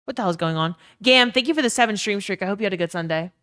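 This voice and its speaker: A woman's voice: medium pitch, rapid-fire, fairly bright tone. A young woman with a Southern US accent chatting casually on a live stream, swearing freely and reading out chat messages. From Louisiana.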